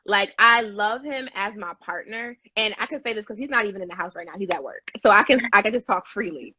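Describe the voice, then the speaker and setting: A woman's voice: medium pitch, a little fast, sharp tone, slight background noise. A woman guest on a live chat, talking enthusiastically and laughing. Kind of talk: casual live interview chat. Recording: dry, dull lo-fi video call audio.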